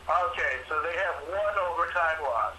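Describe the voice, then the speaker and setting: A man's voice: a little high, moderate pace, pushed and bright, slight background noise, rough recording. A man co-hosting a sports picks show in casual banter, joking and mock-indignant as he makes his picks.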